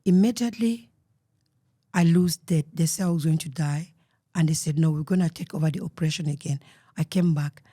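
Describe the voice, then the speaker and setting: A woman with a Cameroonian accent telling her life story as an interview guest, earnest and emotional, often dropping to a soft murmur. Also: low-pitched, brisk, dry recording, clean studio sound.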